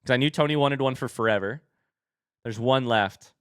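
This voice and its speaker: A young man live-streaming as he opens card packs and chats with viewers, turning excitable and hyping each reveal. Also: normal speed, clear, resonant tone, dry recording, studio quality. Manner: excitable, bursts into high shouts; hype commentary.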